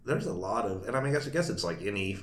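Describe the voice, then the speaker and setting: A man's voice: lowish voice, expressive, very fast. A man chatting as an interview guest, telling a long story with many fillers and frequent laughs. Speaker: guest cartoonist. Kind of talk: casual interview chat. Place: Nashville. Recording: echoey room with faint noise.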